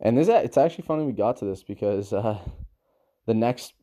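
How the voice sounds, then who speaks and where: A man's voice: mid-range voice, animated, a little fast, mellow, dry recording, studio quality. A man talking casually and emphatically, rambling and repeating words as he explains his views. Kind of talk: casual monologue on psychology.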